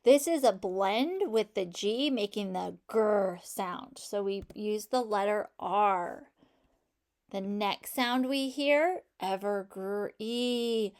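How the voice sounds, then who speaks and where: Slow, patient woman teaching phonics. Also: medium pitch, expressive. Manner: slow, patient, encouraging, sounding out each sound. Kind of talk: phonics lesson for children.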